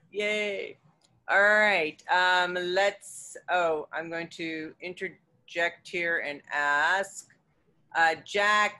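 A woman teaching an online acting class, encouraging and relaxed. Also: fairly low pitch.

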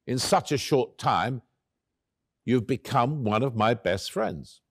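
A man's voice: medium pitch, animated, slow, creaky, husky, dry recording, studio quality, heavily acted. An actor playing an elderly male author, telling the story of his late love in the first person, wry and tender, acting out both sides of the conversation. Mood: tender recollection. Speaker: actor in a one-man stage play.

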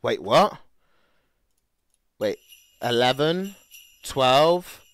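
A young man livestreaming, excitable and swearing as he talks to his chat. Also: medium pitch, extremely slow, no room sound. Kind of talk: casual livestream chat to viewers.

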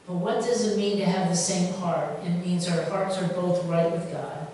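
A woman's voice: lowish voice, normal speed, few pauses, slight background noise. Woman pastor preaching in an echoey church. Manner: conversational, animated, asks rhetorical questions. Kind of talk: sermon. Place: church sanctuary. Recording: echoey church hall from far off.

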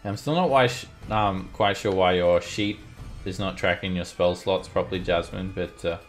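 A man's voice: deep voice, steady tone, moderate pace, faint music behind. A man acting as game master, patiently explaining rules and narrating the action of an online tabletop game. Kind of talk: narrating a tabletop game over a live stream.

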